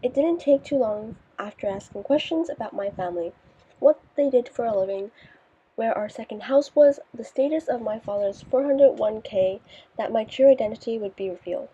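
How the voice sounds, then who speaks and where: A woman narrating a first-person audiobook in a wry, deadpan manner. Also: on the high side, normal speed, breathy edge. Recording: dull lo-fi recording.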